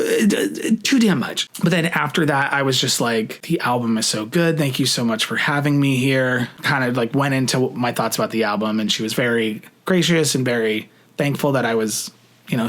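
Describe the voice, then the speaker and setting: A young man vlogging, telling a story in casual talk, swearing freely and acting out what people said. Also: medium pitch. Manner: animated, swears freely, acts out quoted lines.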